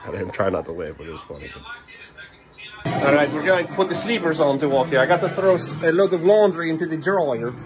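High-voiced dad scolding at home. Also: male voice, big pitch swings, a little fast, over music. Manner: firm, repetitive scolding of his kids. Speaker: father. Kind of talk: casual home vlog. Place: family home, indoors.

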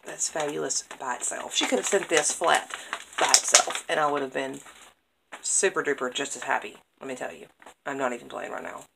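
Her voice rumbles low and creaks, moving a little fast over a noisy background. This craft vlogger chats casually to camera as she opens happy mail, gushing excitably about each item and repeating praise words again and again.

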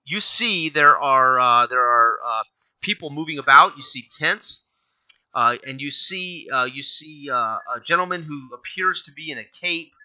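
Man, game master, halting narration with fillers, tense bright voice, muffled lo-fi sound. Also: a little high. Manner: halting, many fillers and restarts.

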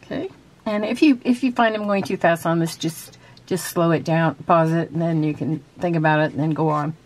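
Woman craft vlogger, chatty and halting, reading out a quiz. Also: lowish voice. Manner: chatty, with frequent fillers and restarts; reads quiz questions aloud. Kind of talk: casual show-and-tell and quiz.

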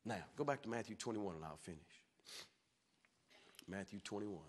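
A man with a Southern American accent preaching a sermon as pastor, swinging from shouted peaks down to low, quiet lines. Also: animated, moderate pace. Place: church sanctuary. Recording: echoey church hall.

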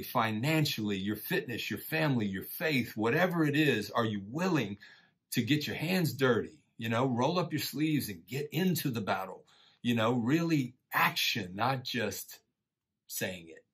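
A middle-aged man teaching a church lesson in a relaxed, folksy way, encouraging listeners and often saying "man" and "you know.". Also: medium pitch, a little slow, slightly rough. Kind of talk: casual conversational sermon.

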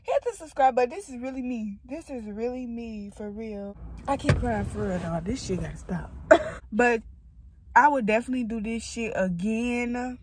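A young woman in her twenties talks into her phone from inside a parked car, tearful and rambling, blunt and profane. Her voice sits a little high, with a faint hiss in the background. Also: normal speed. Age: 20s. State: tearful, crying on and off. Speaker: vlogger. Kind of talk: casual vlog monologue.

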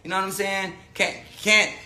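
Bright-voiced man on a profane rambling rant. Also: high voice, steady tone, moderate pace. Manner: profane, rambling, restarts often. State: says he is high. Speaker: person telling his side of a story. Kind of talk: unscripted rant to viewers.

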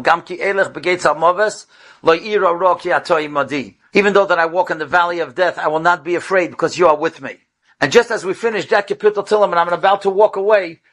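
Rabbi guy with a high voice telling a story, gets really animated, drops hebrew and yiddish words. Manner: animated, voice jumps high at dramatic moments; sprinkles Hebrew and Yiddish terms. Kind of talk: storytelling talk.

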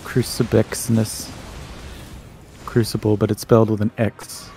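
A man's voice: lowish voice, level tone, measured pace, dark tone, soft background music. A man streaming a game with a friend, teasing him dryly and laughing often as they banter. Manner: laughs a lot, dry teasing. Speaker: streamer and co-host. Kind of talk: casual, profane gaming banter.

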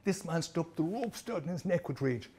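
A man giving a lively motivational presentation to trainees, telling stories with humor. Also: a little high, a little fast, slightly rough. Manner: animated, storytelling, jokey. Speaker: motivational speaker.

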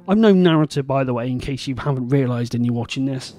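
A man's voice: mid-range voice, quick pace, over music. A man hosting his own game show, chatting casually and rambling in a self-deprecating way while he plays. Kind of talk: casual gameplay commentary.

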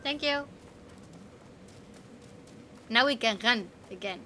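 Bright-voiced Dutch woman streamer. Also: a little high, slow, a little hiss or hum. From Netherlands. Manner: playful, bursts into excited squeals. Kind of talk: casual gameplay chat.

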